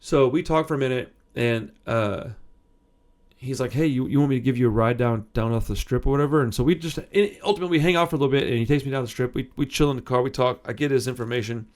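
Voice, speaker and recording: A man's voice: medium pitch, fast talker, a little mellow. A man in his thirties hosting a punk music channel, telling a personal story in a rambling, self-interrupting way and swearing casually.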